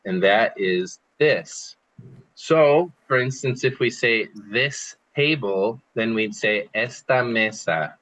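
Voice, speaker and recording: A man's voice: mid-range voice, expressive, takes it slowly, a bit bright, rough recording. A man teaching an online group language lesson over a computer, patiently explaining and repeating phrases for students to copy. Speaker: Spanish teacher.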